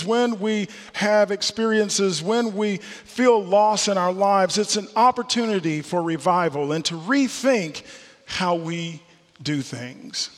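High-voiced middle-aged man preaching in a hall. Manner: earnest, repeats key phrases for emphasis. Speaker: preacher, former football player. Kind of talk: sermon with personal story.

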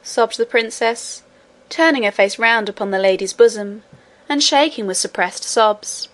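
A woman reading a children's story aloud in a measured, storytelling manner. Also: medium pitch, fairly bright tone. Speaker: reader. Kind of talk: audiobook narration.

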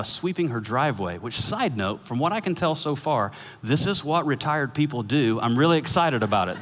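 A man preaching a sermon as pastor, telling a story with animated acted-out dialogue and laughter. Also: mid-range voice, slight background noise. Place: church sanctuary. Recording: long hall reverb.

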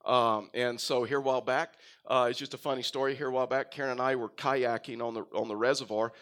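A middle-aged man from Texas preaches a sermon, his Texan accent mostly worn away. His voice sits in an ordinary middle range for a man. He builds to loud, emphatic lines, then drops into quiet, fast asides and folksy stories. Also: medium pitch, fairly even intonation. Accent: faint Texan. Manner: storytelling, rises and drops in volume for emphasis. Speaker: pastor.

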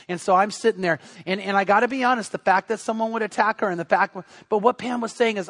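A man's voice: sits high, fast, hardly any pauses, a bit bright. A man, the pastor, giving a sermon in an earnest, conversational preaching manner.

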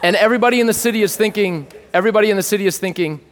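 A male pastor with a high, bright voice delivers a sermon in a church hall. He shifts between scripture reading and playful asides, joking with the congregation. The sound carries a long reverb. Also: very fast, hardly any pauses. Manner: playful and animated, jokes with the congregation. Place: church hall with a live audience.

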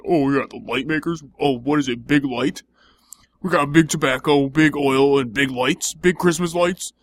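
A man's voice: fairly high pitch, moderate pace, slight background noise. A young man in improvised comedy banter, teasing and playfully mocking.

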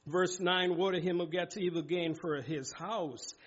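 A man's voice: high voice, steady tone, measured pace, fairly bright tone, husky. Emphatic man preaching a sermon. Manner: emphatic, exhorting, reads scripture aloud. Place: church sanctuary. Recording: dull lo-fi sound.

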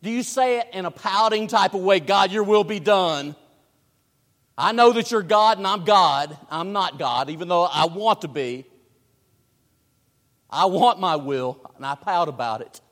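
A man preaching a sermon, swinging from hushed, drawn-out phrases to booming emphasis. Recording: long hall reverb.

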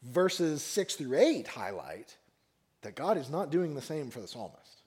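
A man's voice: fairly high pitch, very animated, a little slow, darkish tone. A man preaching a sermon on a psalm, speaking expressively and acting out the mockers and the psalmist in raised voices. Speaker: pastor.

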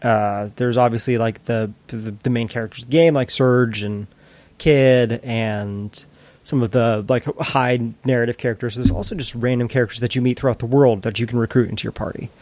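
A man co-hosting a casual podcast chat, enthusiastic but halting, restarting his sentences often. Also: medium pitch, steady tone, a little mellow, no echo. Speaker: podcast co-host.

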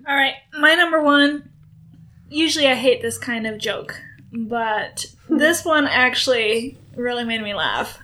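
Woman on a podcast, high bright voice, upbeat and eager with her jokes. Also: lively intonation, measured pace. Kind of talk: casual joke-telling chat.

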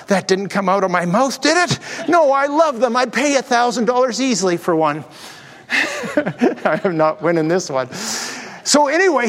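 A man's voice: very high voice, fairly bright tone. A man preaching a sermon, telling stories with jokey asides and acting out the voices of the people in them. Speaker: pastor. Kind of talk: sermon with storytelling and jokes. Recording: long hall reverb.

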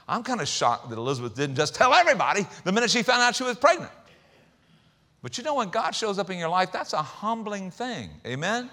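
A man preaching a sermon in a conversational, humorous way, with quick asides and repeated words. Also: sits high, sing-song, sharp tone, big-room sound. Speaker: pastor.

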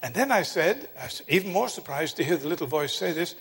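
Older male preacher, slightly raised pitch, husky, earnest storyteller; long hall reverb. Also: expressive, quick pace. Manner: earnest, drops to a hushed tone for dramatic moments. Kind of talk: sermon storytelling.

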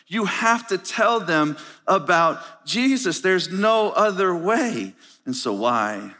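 Male preacher, higher-pitched, lively storyteller, live hall with long reverb. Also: takes it slowly. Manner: animated storytelling, acts out dialogue. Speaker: pastor. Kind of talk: conference sermon.

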